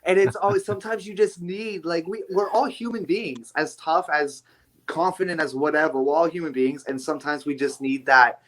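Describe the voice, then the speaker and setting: A man who wrestles, chatting as a podcast guest and telling stories in an animated, casual way. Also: a little high, normal speed. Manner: animated storyteller, swears lightly. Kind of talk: casual chat.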